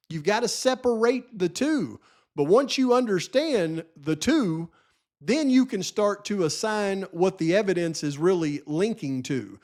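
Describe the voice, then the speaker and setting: High-voiced insistent male commentator. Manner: insistent, lecturing, emphatic; frustrated. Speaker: channel host. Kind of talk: solo true-crime commentary.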